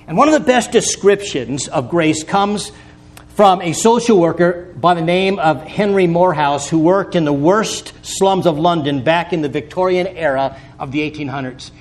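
A man's voice: fairly high pitch, normal speed. A man preaching a sermon, telling stories and building to earnest, emphatic peaks, with folksy asides. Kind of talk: sermon with storytelling.

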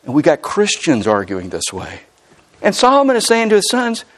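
A middle-aged man preaching a sermon as pastor, emphatic and animated, often acting out the people he quotes. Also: a little high, normal speed.

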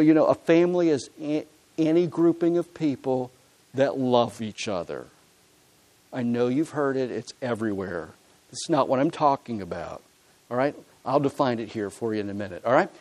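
A man preaching to his congregation, his voice sitting a bit high for a man. He presses hard on key points and then drops to quiet, confiding asides. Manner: earnest preaching, swings from loud emphasis to quiet asides. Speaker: pastor. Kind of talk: sermon. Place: church.

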